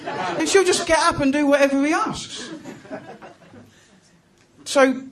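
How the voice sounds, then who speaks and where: A high-voiced male stand-up comedian works slowly through his set, leaving long pauses. He's chatty and self-deprecating, talking directly to the crowd on a comedy club stage, and the live recording picks up the audience's laughter and noise.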